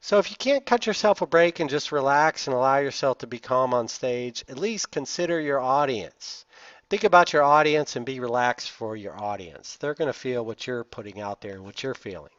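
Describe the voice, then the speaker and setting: A man's voice: mid-range voice, lively intonation, moderate pace, a bit bright, no room sound. A man from the Southern United States with a Southern accent, lecturing over slides with emphatic stress on key words and frequent "uh" fillers. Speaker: instructor. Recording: dull, dry lo-fi sound.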